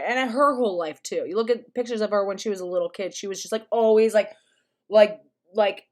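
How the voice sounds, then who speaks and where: A young woman hosting a reaction commentary, talking casually with many fillers, restarts and throat clearing. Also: mid-range voice. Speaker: commentary channel host.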